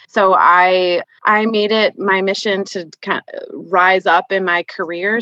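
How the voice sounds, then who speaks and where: A woman in her thirties with a Minnesota accent talks candidly as a podcast guest, dropping "like" into her sentences. Her voice sits a little low for a woman but has a bright, forceful edge. The sound is dry and dull, like lo-fi remote audio. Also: no room sound. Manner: chatty, candid, frequent "like" fillers. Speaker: guest, financial planner. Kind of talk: casual podcast conversation.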